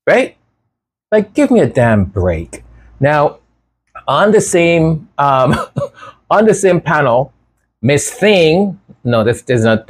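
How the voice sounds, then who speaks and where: Commentary host, male, husky, unhurried, sarcastic and repetitive. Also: medium pitch. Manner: animated, sarcastic, repeats words. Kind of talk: casual commentary.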